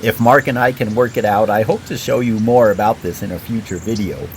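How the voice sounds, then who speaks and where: A man host narrating his rock-collecting channel in a careful, measured, explanatory way, reading a prepared script over footage. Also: fairly low pitch, slight background noise.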